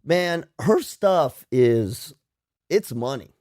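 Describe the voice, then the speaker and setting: Lively, mellow-voiced male co-host. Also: mid-range voice, no echo, clean studio sound. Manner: interjecting, quick questions and reactions. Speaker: radio co-host. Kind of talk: casual radio chat.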